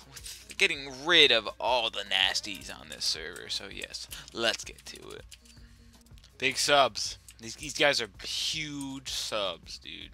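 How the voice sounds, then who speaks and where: A young man giving profane, excitable commentary while playing as a server admin, often repeating himself. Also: mid-range voice. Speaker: Minecraft server admin streamer. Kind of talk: gameplay commentary while recording.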